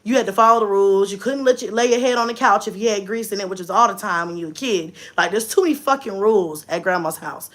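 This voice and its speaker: A young woman, telling a story in a casual vlog, expressive and swearing freely. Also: quick pace, hardly any pauses. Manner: expressive, swears freely, swings from low asides to shrieking and laughing. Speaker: vlogger.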